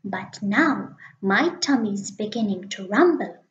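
Woman putting on a tiny boastful mouse, squeaky, sing-song, dull lo-fi sound. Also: expressive, takes it slowly. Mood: smug. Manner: high squeaky piping voice. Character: small clever male mouse, bold and boastful. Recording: echoey dull lo-fi room.

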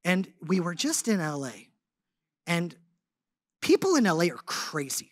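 Animated man preaching through a story. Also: a little high, a little slow, no room sound, studio quality. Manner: animated, conversational, frequent "like" fillers. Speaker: guest speaker at a congregation. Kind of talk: storytelling sermon.

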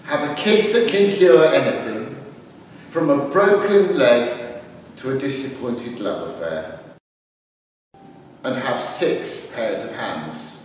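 A man's voice: mid-range voice, lively intonation, slow, pauses often, a little mellow, a little hiss or hum. A man playing the Lord as a fond, patient creator in a dramatised church reading, speaking earnestly and tenderly. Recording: echoey church heard from far off.

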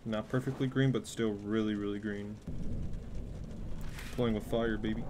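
A man's voice: fairly low pitch, fairly even intonation, moderate pace, noisy background. Crude, joking young man playing a horror game. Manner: crude, joking, swings between yelling and muttering. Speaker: gaming youtuber. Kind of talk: let's play commentary.

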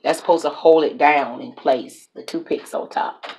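Standing at the grill in her home kitchen, the woman chats casually to camera about the burger she's making, coaching herself along and laughing when she slips up. She speaks at a normal speed in a low, steady voice. The background is noisy.

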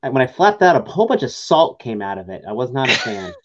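A man's voice: mid-range voice, very animated, fast, muffled recording. Wry, joking podcast co-host man. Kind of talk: casual chat.

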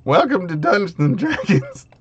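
Man, game master, tabletop game, playful banter, lively swooping voice, muffled lo-fi sound. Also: high-pitched, moderate pace, a crowd in the background. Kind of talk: running a tabletop game, reading rules and voicing an NPC.

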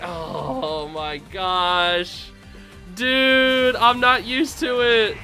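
Brief: young male gaming host, high lively voice, bright tone, faint game music under him. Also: very slow. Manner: excitable, laughing, loud outbursts. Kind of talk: casual live game commentary.

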